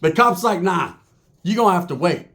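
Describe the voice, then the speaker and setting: A man's voice: sits high, expressive, normal speed, gravelly, fairly bright tone. A man telling a crude prison story, swearing freely and acting out the other people's voices. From California. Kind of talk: profane storytelling monologue.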